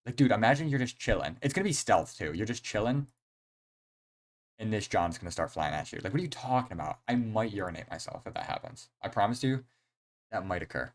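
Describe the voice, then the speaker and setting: A young man talks on a live game stream. His voice sits a little low. He rambles from one thought to the next, gets excited easily, and leans on slang and fillers. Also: a little fast. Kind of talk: casual live-stream chat.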